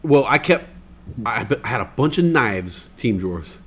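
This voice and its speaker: A man's voice: medium pitch, normal speed, breathy edge. A young man co-hosting a livestream, telling stories in casual chat, swearing freely and acting out the voices of people he quotes. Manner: animated, swears often, acts out quoted voices. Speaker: stream co-host.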